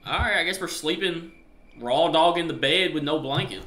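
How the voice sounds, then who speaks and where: A man with an American country accent, joking and chatting through a horror game as a streamer, loud when scared. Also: a little high, moderate pace, roomy sound. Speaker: gaming streamer. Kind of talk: live gameplay commentary.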